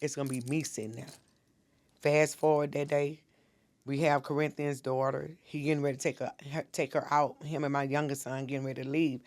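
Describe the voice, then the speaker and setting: A woman's voice: low-pitched, little pitch movement, a little fast, darkish tone. A middle-aged woman, a minister telling an intense personal story as a podcast guest and acting out what people said.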